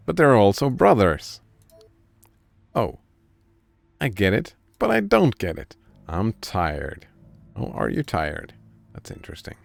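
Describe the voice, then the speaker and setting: Deep gravelly man streaming a game. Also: no room sound. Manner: chatty, thinks aloud and talks to chat. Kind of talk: casual gameplay commentary.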